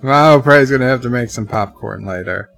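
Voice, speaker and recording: A man with a bright, gravelly voice reads his live-stream chat aloud, slow and unhurried. He rambles and jokes with viewers between messages. Faint music plays under him. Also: mid-range voice.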